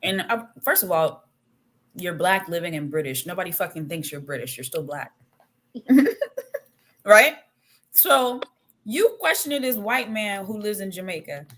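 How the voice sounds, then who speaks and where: A woman's voice: fairly low pitch, very animated, unhurried, long pauses, a bit bright. A woman co-hosting a casual talk show, retelling an online argument and acting out the quotes, laughing often. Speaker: podcast co-host. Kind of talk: casual chat.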